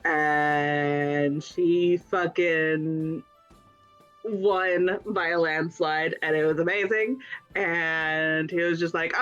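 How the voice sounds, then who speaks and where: A woman recapping a tabletop game session in a casual, rambling way, swearing often and slipping into quick voices for the characters. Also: deep voice, steady tone, a bit bright, lo-fi sound, faint music behind. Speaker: player giving a session recap.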